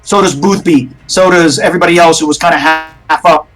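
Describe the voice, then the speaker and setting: A man's voice: on the high side, brisk, music in the background, poor audio. A man running a tabletop horror game as game master, narrating in a rambling way with many restarts.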